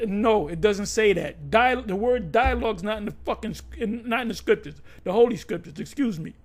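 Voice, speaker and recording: A man with a notably high-pitched voice delivers a fiery, profane preaching rant. He is combative and emphatic, often restarting and repeating words as he pushes his point. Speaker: religious teacher.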